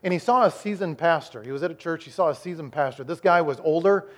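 A pastor delivers a sermon in a fairly high-pitched male voice. He pushes some lines hard and loud, then drops to slow, hushed phrases. He often repeats and restarts his words as he preaches. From Iowa, United States. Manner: preaching with dramatic shifts between loud emphasis and quiet, slowed lines.

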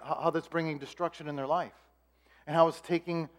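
A middle-aged man preaching a conversational sermon, acting out little dialogues and dropping to hushed tones for quoted voices. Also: on the high side, steady tone, fairly quick. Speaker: pastor.

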